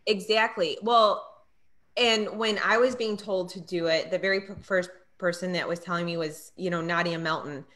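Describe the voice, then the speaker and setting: A woman's voice: on the low side, fairly even intonation, normal speed, fairly bright tone. A middle-aged woman chatting as an interview guest, telling stories and acting out her own past lines. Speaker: guest, network marketing trainer. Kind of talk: casual interview chat.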